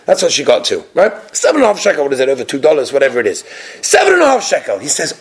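A man's voice: on the high side, very fast, breathy edge. A man giving a religious talk, telling stories and acting out the characters. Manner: animated storytelling, acts out characters. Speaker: religious lecturer.

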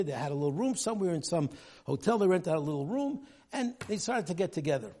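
A man's voice: on the high side, big pitch swings, fast, darkish tone. A man giving a weekly religious talk, telling a story animatedly and acting out the people in it. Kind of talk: storytelling sermon.

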